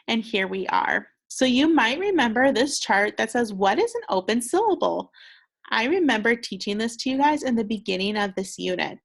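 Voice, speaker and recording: A woman's voice: medium pitch, gravelly. A young woman teaching second graders a recorded phonics lesson, patient and encouraging, sounding out words with care.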